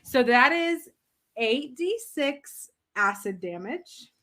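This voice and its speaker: A woman player describing her character's turn at a tabletop game, her voice bright and a touch high. She takes her time, drifting through filler words and breaking into giggles as she goes. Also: expressive, slow pace. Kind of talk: casual tabletop game play.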